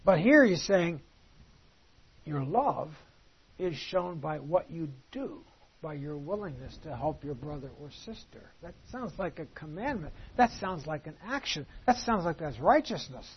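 A man teaching through a Bible passage in a conversational way, asking rhetorical questions and reading scripture slowly and deliberately. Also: on the high side, very animated, husky, muffled recording.

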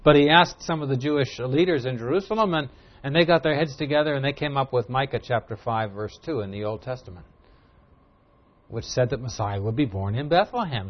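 A man's voice: medium pitch, expressive, fairly quick, muffled recording. Man preaching a conversational Bible sermon. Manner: conversational Bible teaching, rising loud for emphasis. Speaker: pastor. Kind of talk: expository sermon.

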